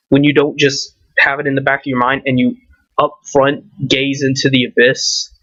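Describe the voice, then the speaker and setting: A man's voice: fairly high pitch, a bit bright, dry recording. A man ranting and swearing to camera, firing off rhetorical questions. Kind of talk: profane rant to camera. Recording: dull lo-fi recording.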